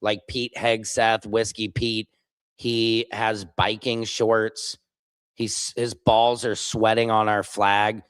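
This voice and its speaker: A man's voice: on the low side, level tone, slow, clean tone, dry recording. A man hosting a live stream, reading viewer comments and answering them bluntly and sarcastically. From Missouri. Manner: blunt, sarcastic, reacts loudly to clips.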